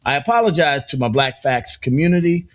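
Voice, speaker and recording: A man's voice: a little high, expressive, brisk, dry recording. Rambling, joking male morning show host. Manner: rambling, with many restarts and asides; playful, joking. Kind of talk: casual morning show banter.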